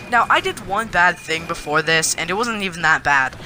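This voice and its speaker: A male vlogger with a high, very bright, sharp-edged voice tells his story straight to camera. He sounds animated and indignant, and a faint hiss sits under him. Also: moderate pace, hardly any pauses.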